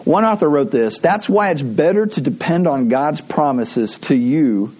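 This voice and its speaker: A man's voice: on the high side, animated, measured pace, darkish tone, breathy edge. A middle-aged man preaching a sermon as pastor, in a conversational, storytelling way.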